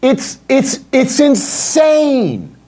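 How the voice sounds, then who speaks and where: A man's voice: very high voice, huge pitch swings, very slow, dark tone. A middle-aged man from the United States hosting a political commentary show, ranting in an indignant, sarcastic and profane way.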